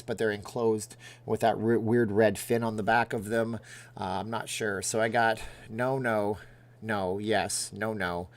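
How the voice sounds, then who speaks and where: A middle-aged man hosting a casual livestream, rambling and joking as he reacts aloud to viewer comments. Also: fairly low pitch. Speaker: livestream host reading chat.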